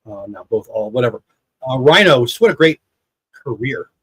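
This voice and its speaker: A man's voice: medium pitch, expressive, normal speed, fairly bright tone, breathy edge, no echo, poor audio. A man in his fifties hosting a livestream watch party, chatting casually and rambling between the game and viewer comments. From United States. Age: 50s. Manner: rambling, chatty, reads chat aloud. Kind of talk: casual live baseball commentary.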